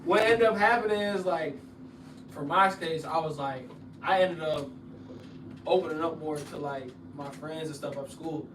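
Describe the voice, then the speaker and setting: A young man tells his college stories in lively slang, his voice sitting a touch high and climbing loud when he gets worked up. He is heard from a distance in an echoey room. Clear background noise runs under him. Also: a little slow. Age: young adult. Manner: animated slang storytelling, rises loud when excited. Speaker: former college football player, guest. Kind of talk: casual podcast chat.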